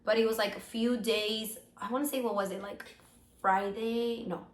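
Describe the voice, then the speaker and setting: Hoarse woman, sick, rambling podcast chat, fillers, roomy sound. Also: fairly high pitch, steady tone, normal speed. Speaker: podcast co-host. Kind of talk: casual chat.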